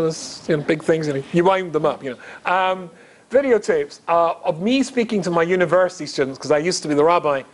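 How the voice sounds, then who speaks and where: A middle-aged man from Scotland, a rabbi giving a humorous storytelling talk, chatty and self-mocking, asking the audience questions. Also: on the high side. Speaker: rabbi, guest speaker.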